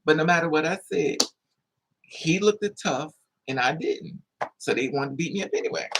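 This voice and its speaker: A vlogger telling a story casually to camera in an animated way, acting out the other people's voices with high squeals. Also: moderate pace, a little hiss or hum.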